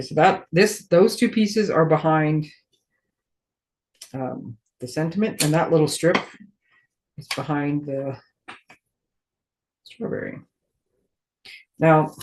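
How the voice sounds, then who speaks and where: A woman's voice: low-pitched, unhurried, pauses often, noisy background. A woman leading a casual live paper crafting demo. She thinks aloud as she works and pokes fun at her own clumsiness. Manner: chatty, thinks aloud while working, self-deprecating.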